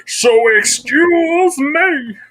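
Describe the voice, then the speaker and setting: A man's voice: extremely high pitch, drawn-out words, fairly bright tone, pitched above the performer's own voice, full character voice. A man doing an impression of a goofy, childish grown man from a comedy film, whiny and silly.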